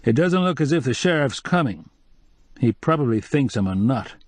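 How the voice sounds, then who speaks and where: A man's voice: medium pitch, sing-song, normal speed, no room sound, voice pushed up, close to an everyday voice. Guy doing a wry curious reporter, mid voice, dry close mic. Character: man, Qwilleran, wry reporter.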